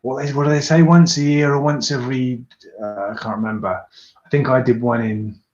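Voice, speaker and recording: A man's voice: medium pitch, steady tone, a little fast, a little mellow. A man chatting casually on a live stream, rambling and poking fun at himself as he answers viewer comments. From Britain. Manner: rambling, self-deprecating, chatty. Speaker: YouTuber doing a live tinkering stream. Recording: roomy, dull recording.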